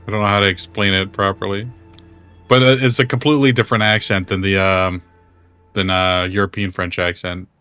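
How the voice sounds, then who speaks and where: Low guy chatting on stream, rambly, dry mic, some quiet music. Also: steady tone, a little fast, clean tone. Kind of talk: casual stream chat.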